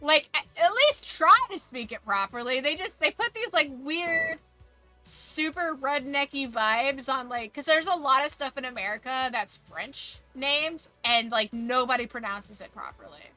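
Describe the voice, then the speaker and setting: A woman's voice: sits high, lively intonation, measured pace, sharp tone, faint music behind. A woman streamer chatting casually while gaming, opinionated and ranting, swearing freely.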